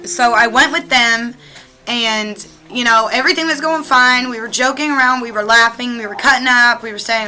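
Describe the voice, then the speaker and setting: A young woman talks to her camera at home, telling a story in a chatty, swearing, animated way. Her voice sits high and sounds bright and forward. She fills her sentences with "like" and "you know". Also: measured pace, pauses often, rough recording. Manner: chatty, profane, animated retelling with lots of "like". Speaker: vlogger.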